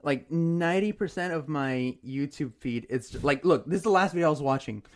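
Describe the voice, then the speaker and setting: Pria muda agak tinggi, banyak "like". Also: male voice, fairly high pitch, a little fast. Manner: chatty, lots of fillers, laughs often. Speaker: podcast co-host. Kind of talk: casual chat.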